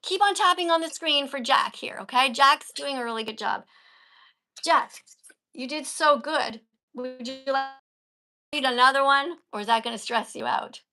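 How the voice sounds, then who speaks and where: Woman livestream host, high and bright, coaching tone, punches key words. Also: moderate pace. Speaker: livestream host and vegan teacher. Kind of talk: casual livestream chat.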